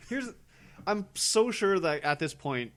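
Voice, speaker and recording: A man's voice: high voice, big pitch swings, slow pace, a bit bright. A man co-hosting a film podcast in casual chat, talking loosely and acting out characters' lines as he recaps scenes. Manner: chatty, acts out characters' lines in quotes. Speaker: podcast co-host.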